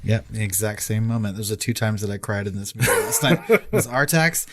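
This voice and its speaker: A man co-hosting a podcast in casual chat, expressive and emphatic, swearing freely. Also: lowish voice, a little fast, background noise. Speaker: podcast co-host.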